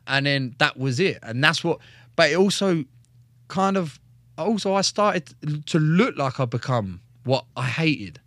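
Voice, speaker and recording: A man's voice: a little high, expressive, normal speed, a bit bright, no room sound. A man in his thirties, a fighter and former soldier, swears constantly and acts out his story in a casual interview. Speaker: podcast guest, UFC fighter and ex-soldier.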